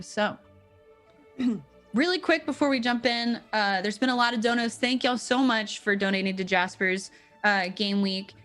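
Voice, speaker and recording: A chatty woman runs a tabletop game on a live stream and talks loosely, with lots of fillers. Her pitch sits in the middle range. Faint music plays in the background. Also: normal speed, a bit bright. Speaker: game master.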